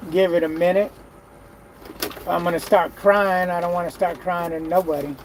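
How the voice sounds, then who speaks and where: Weary high-voiced trucker grumbling. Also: male voice, steady tone, moderate pace, noisy background. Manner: weary, grumbling, frequent sighs. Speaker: truck driver. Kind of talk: casual vlog talk. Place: parked truck cab.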